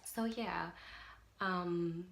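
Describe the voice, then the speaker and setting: A woman's voice: on the low side, extremely slow, vocal fry. Earnest young woman vlogging. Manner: earnest, emphatic, repeats "definitely". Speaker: parent vlogger. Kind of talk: casual talk to camera.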